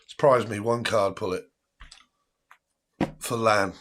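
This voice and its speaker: A man's voice: fairly low pitch, extremely slow, pauses often, pushed and bright, slightly rough. A man hosting a live tarot stream in a casual, chatty way, often breaking into laughter.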